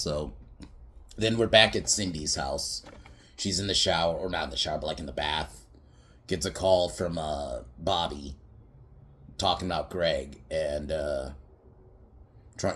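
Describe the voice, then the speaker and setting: A man with a very low voice talks through a film's scenes in a loose, unscripted podcast recap. He wanders, swears casually and keeps breaking into laughter at the jokes he retells. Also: a bit bright. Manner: rambling, laughs often, swears freely, many fillers. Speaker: podcast movie reviewer.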